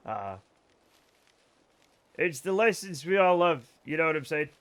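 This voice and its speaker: A man's voice: on the high side, animated, measured pace, long pauses, fairly bright tone, clean tone. A man streaming a video game live, chatting casually with viewers in a rambling, joking way and swearing freely. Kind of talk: casual let's-play chat with viewers.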